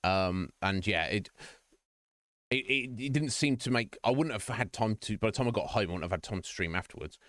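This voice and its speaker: A man's voice: fairly low pitch, expressive, brisk, a bit bright, no room sound. A man chatting casually with viewers on a game stream, rambling with lots of fillers and restarts.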